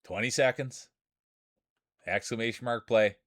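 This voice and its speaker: A man's voice: mid-range voice, steady tone, measured pace, a bit bright. A man with a Canadian accent, streaming and calling a marble race in a playful, hyped sportscaster manner. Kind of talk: mock race commentary.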